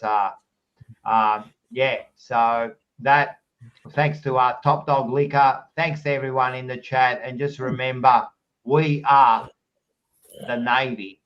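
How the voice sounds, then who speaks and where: An Australian man hosting a fan podcast, rambling and excitable as he signs off the live stream and swears freely. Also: mid-range voice, far from the mic, lo-fi sound. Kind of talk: casual live-stream sign-off.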